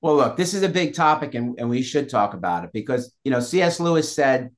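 A man speaks earnestly as a guest in a faith interview, his voice sitting at an ordinary pitch. He builds his points with insistent repetition. His delivery is steady and emphatic. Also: a little fast. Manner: earnest, emphatic, repeats phrases for force. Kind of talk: interview talk on Catholic faith.

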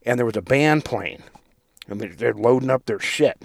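Podcast co-host, middle pitch, gravelly, swears freely, loose storyteller. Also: male voice, normal speed, no room sound. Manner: profane, rambling, laughs mid-story. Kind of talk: casual storytelling chat.

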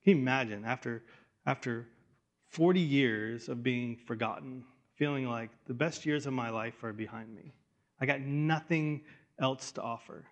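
A man preaching a sermon in a conversational way, restarting phrases and dropping to a hush for weight. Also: mid-range voice, normal speed, highs cut off. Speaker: pastor.

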